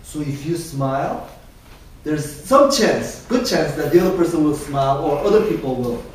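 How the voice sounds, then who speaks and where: A man's voice: a little high, lively intonation, moderate pace. Male professor, chatty lecture style with frequent "right?", recorded from afar in a very echoey classroom with light hiss. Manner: conversational, keeps checking in with "right?". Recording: very echoey classroom, mic far off, faint hiss.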